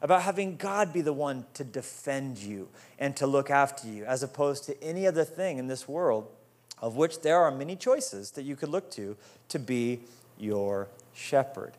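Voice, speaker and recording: A young adult man preaching a sermon in a conversational way, repeating words and rising to excited emphasis. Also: medium pitch, normal speed. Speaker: pastor.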